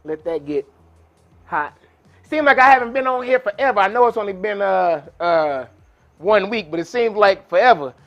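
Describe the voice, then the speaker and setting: A man's voice: high voice, lively intonation, moderate pace, a bit bright, dull audio, soft background music. A man hosting a live cooking demonstration in a kitchen, talking casually and folksily to his viewers. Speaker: cooking show host. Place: kitchen with induction burner.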